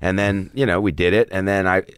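Deep-voiced man, dry close sound. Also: steady tone, fairly quick, smooth, no echo. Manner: rambling, many fillers and restarts. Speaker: actor as guest. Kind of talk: casual interview chat.

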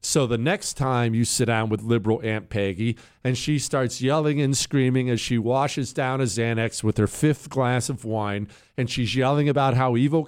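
A man hosting a political talk radio show, combative and mocking, with sarcastic jabs and punchy emphasis. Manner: lively pitch swings, stressing words.

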